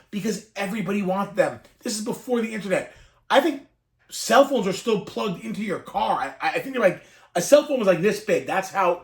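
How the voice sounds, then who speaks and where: A man in his thirties, a toy collector, telling an emotional childhood story to camera in a rambling, wistful way that chokes up at times. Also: high-pitched. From Northeastern US. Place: room full of collected toys.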